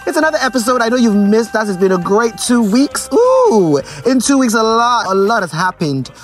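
A woman from Ghana with a Ghanaian accent hosting a casual solo podcast, animated and exclamatory, mixing English with Twi. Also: on the high side, fairly quick, soft background music. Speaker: podcast host.

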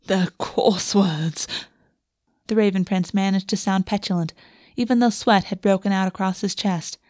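A woman reading a fantasy romance aloud as narrator, in a soft, steady storytelling voice on a close microphone. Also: medium pitch, fairly quick, no echo. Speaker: audiobook narrator. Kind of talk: scripted narration.

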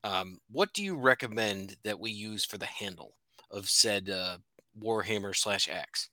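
A man co-hosts a podcast, teasing his partner with playful questions and frequent laughter. His voice is very bright and animated, recorded dry and close. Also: lowish voice, measured pace, dry recording. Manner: joking, lively, laughs often. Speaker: podcast co-host. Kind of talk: casual chat.

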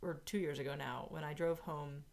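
Woman, podcast co-host, casual chat, lowish voice, loose rambling delivery. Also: steady tone, moderate pace, gravelly, darkish tone. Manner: chatty, laughs easily, trails off mid-thought.

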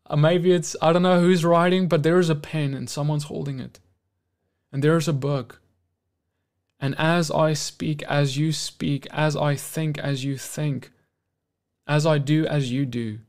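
South african guy preaching, slightly high voice, earnest, gets loud and pushy at the big points. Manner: earnest preaching that builds to loud emphatic exhortation. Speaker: pastor. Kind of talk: sermon.

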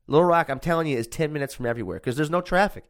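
A man's voice: on the high side, racing. A young man from Chicago telling a rambling, profane story in casual chat.

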